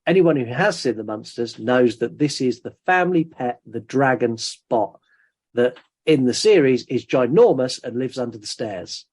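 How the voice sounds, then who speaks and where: A man's voice: medium pitch, lively intonation, moderate pace, a little mellow, breathy edge. A man hosting a podcast, recapping a film plot in casual chat and laughing often. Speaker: podcast host.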